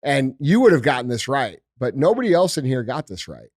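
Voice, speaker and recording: A man's voice: mid-range voice, sing-song, fairly quick, darkish tone, dry recording, clean studio sound. A man hosting a casual podcast, talking bluntly and emphatically and swearing freely. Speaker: podcast host. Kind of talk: casual studio podcast chat.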